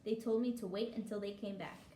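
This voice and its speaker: A woman voicing a cheerful, patient male frog from a storybook, reading in a steady, encouraging way. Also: mid-range voice, brisk, recorded from a distance, close to an everyday voice. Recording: echoey room with faint hiss.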